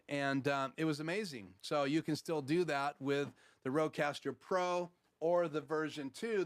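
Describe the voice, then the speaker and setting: A man hosting a casual live stream, walking through his studio audio gear in an explanatory way with frequent fillers. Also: fairly high pitch. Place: home studio.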